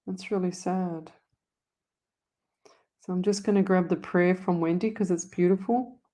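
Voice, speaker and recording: A woman's voice: lowish voice, fairly even intonation, measured pace, warm tone. An Australian woman hosting a live psychic stream, chatting to viewers in a rambling, affectionate way. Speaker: psychic medium host. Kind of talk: casual live-stream chat.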